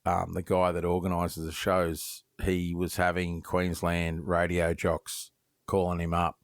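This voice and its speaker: Deep-voiced Australian man telling stories. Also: measured pace, dry recording, clean studio sound. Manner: lively storyteller, swears freely, acts out quoted voices; many false starts and repeated words. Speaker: guest knifemaker. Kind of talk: casual podcast interview.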